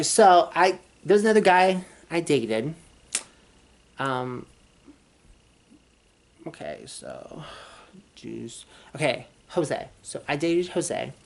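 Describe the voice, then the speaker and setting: A woman's voice: deep voice, creaky, darkish tone. A young woman from Texas telling a personal story in a casual, rambling way, with many restarts and swearing. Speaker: vlogger.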